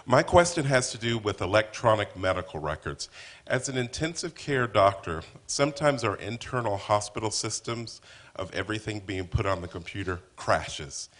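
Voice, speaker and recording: A man's voice: lowish voice, expressive, normal speed, fairly bright tone. Earnest man asking a long question. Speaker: audience questioner, physician. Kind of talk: audience question at a forum.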